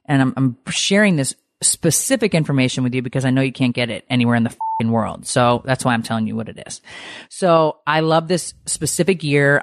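Animated storytelling woman, dry mic. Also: no echo. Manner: animated storyteller, swears, jumps high for quoted lines. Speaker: podcast co-host. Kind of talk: casual chat.

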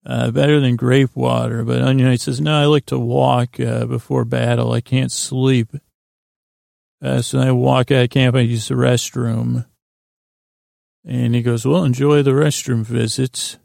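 Very gravelly, flat-voiced man rambling. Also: mid-range voice, unhurried, no room sound, studio quality. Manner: meandering, loose retelling with many fillers. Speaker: podcast host. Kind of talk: rambling bedtime episode recap.

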